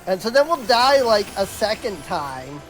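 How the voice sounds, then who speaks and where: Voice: medium pitch, big pitch swings, measured pace, a bit bright, faint music behind. A game streamer chatting casually on a live stream, telling exasperated stories with lots of "like" and restarts. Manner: exasperated storytelling, full of "like" and restarts.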